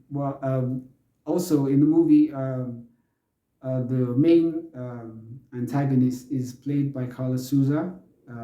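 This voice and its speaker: Man, young adult, casual movie review, very dark mellow tone, lots of ums and restarts, echoey room. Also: medium pitch, dull audio. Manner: rambling, many fillers and restarts, laughs easily.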